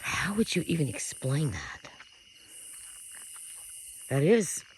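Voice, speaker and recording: A vlogger in a rural yard at night, puzzled and talking in hushed bursts into a handheld phone. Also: medium pitch, big pitch swings, slow, a little hiss or hum, rough recording. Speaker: vlogger investigating sounds. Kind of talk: casual outdoor vlog. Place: outdoors at night in a rural yard by a wooded ridge.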